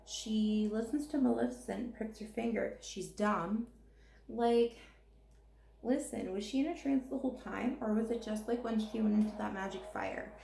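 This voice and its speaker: Woman makeup vlogger, casual and foul-mouthed, raspy fry, roomy echoing sound. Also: on the high side, normal speed, dark tone, a little hiss or hum. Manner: profane, ranting, rambling. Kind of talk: casual rambling chat while doing makeup.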